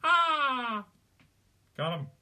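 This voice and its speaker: A gleeful, squeaky furry puppet monster, as a man puts him on. The voice is pitched well above his own and stays bouncy and cheerful, even when it turns playfully menacing. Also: drawn-out words, heavily acted.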